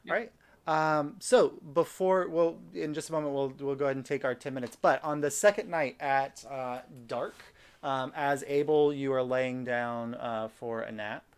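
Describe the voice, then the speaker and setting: Male game master, relaxed, meandering delivery, medium pitch. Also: moderate pace, clear, resonant tone. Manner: relaxed, filler-heavy narration. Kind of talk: narrating a tabletop game.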